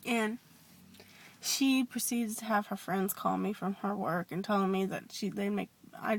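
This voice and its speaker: A woman telling a personal story in a confessional vlog, hesitant and rambling with many restarts, sometimes dropping to a soft whisper. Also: medium pitch, no room sound. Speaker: vlogger.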